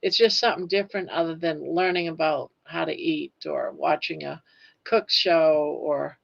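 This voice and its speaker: Woman guest co-host, relaxed chatter, gravelly, dull lo-fi recording. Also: low-pitched, normal speed. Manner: easygoing, lots of fillers. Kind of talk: casual live chat. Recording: dull lo-fi audio.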